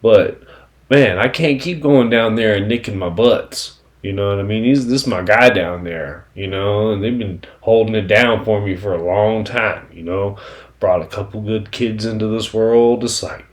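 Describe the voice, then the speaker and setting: A man's voice: lowish voice, normal speed. A man hosting a casual solo podcast, talking in a profane, rambling way with constant "you know what I'm saying" fillers. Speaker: podcast host.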